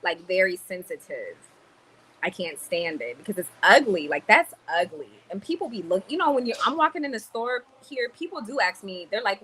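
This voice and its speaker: A woman's voice: medium pitch, a little fast, slightly rough, rough recording. A woman hosting a casual livestream, reading viewer comments aloud and tossing in Spanish words as she talks. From Cuban roots. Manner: animated, mixes Spanish words into talk. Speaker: livestream host. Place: in a store in the Dominican Republic.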